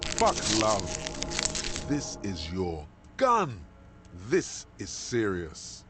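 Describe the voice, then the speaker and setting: Guy putting on a low slow brooding inner voice, music playing clearly behind. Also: huge pitch swings, exaggerated voice. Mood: scolding. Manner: solemn, blunt, scolding. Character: grave inner voice of a detective's mind.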